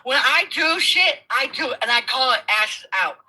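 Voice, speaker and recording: A furious woman swearing through a heated livestream argument, her voice high and bright, swinging wildly up and down. She talks over her opponent and keeps breaking into shouts. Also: lively intonation, moderate pace, slightly rough, low-quality recording. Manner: profane, angry, talks over others; loud, bursts into shouting. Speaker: guest in a live debate.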